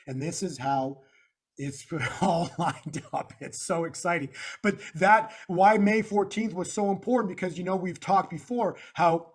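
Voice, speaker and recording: A man being interviewed, walking through slides in an emphatic, repetitive, preacher-like way. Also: high voice. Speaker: guest analyst.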